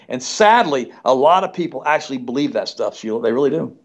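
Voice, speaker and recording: A man's voice: mid-range voice, expressive, fast talker, few pauses. A man guest telling a story in an interview, emphatic and indignant, repeating himself as he recounts an argument. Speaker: nutritionist guest. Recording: dull lo-fi audio.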